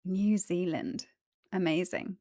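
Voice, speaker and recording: A woman's voice: on the low side, animated, slow, mellow, no room sound, studio quality. A woman chatting casually on a livestream, greeting viewers, giggling, tired after the gym. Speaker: streamer.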